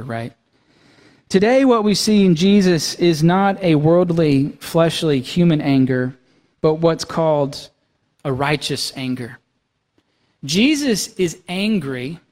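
A male pastor with a notably high voice preaches a conversational sermon, often turning to his listeners with quick check-ins. His voice rings out with a long reverb through a church sanctuary. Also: a little mellow. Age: young adult to middle-aged, has young kids. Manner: conversational, asks the congregation "right?" and "okay?".

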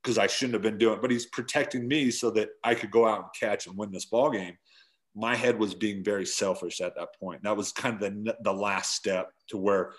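Low-voiced man telling baseball stories. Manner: animated storyteller, acts out yelling quotes. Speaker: former pro baseball catcher, guest. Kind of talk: casual storytelling interview.

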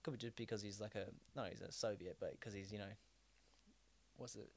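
A man's voice: on the low side, fairly even intonation, fairly quick, vocal fry. An Australian man co-hosting a podcast in casual chat, rambling with lots of fillers and restarts and swearing freely. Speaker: podcast co-host.

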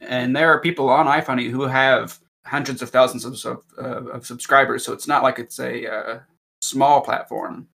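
A man's voice: medium pitch, fairly even intonation, normal speed, vocal fry, fairly bright tone. A man on a casual podcast, talking hesitantly with many fillers. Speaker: podcast co-host. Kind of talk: casual chat.

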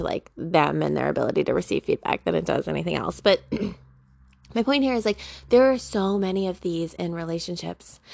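A woman talks casually to her audience about spiritual self-help, slangy and rambling with filler words. Her voice sits fairly low with a lot of vocal fry. The recording is dry and close. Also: darkish tone, dry recording. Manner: chatty, peppered with "like", slangy. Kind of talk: casual talking-to-camera monologue.

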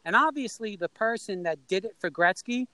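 A middle-aged man from New York telling a story in a casual, animated way and acting out the people in it. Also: sits high, normal speed, dry recording, poor audio. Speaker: storyteller guest.

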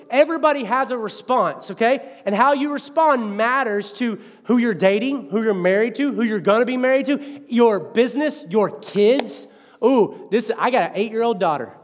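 A man in his thirties preaching a sermon as pastor, animated and conversational, with self-mocking asides. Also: very high-pitched, normal speed, in a large hall.

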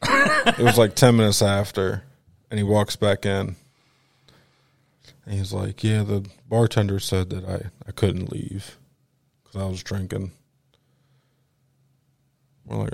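A man's voice: fairly low pitch, measured pace, gravelly, pauses often, no room sound. Philly guy telling a story on a podcast, doing everyone's voices, dry close mic. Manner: animated, acts out other people's lines with profanity and laughter. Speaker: podcast host. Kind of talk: casual storytelling chat.

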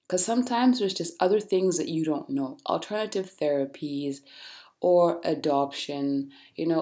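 Low-voiced woman giving blunt podcast encouragement. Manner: blunt, animated, preachy encouragement. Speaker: podcast host. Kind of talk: casual motivational monologue.

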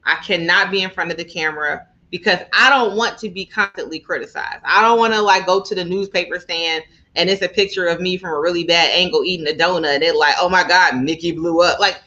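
A woman co-hosting a casual chat, animated and chatty, with frequent laughs. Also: lowish voice, fast. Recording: slightly dull, lo-fi sound.

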